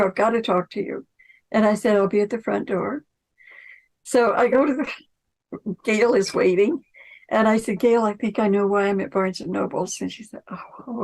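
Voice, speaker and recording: A woman's voice: mid-range voice, creaky, a little mellow, slightly rough, rough recording. A woman telling a personal story in a chatty, anecdotal way, acting out the dialogue she recounts. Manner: acts out quoted dialogue in conversation. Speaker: storyteller recounting a spiritual experience.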